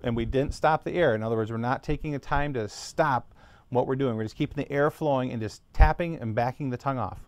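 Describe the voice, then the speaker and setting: A man's voice: medium pitch, fairly quick, no room sound. A man teaching a beginner trumpet lesson, patiently walking through each step and sounding out practice syllables.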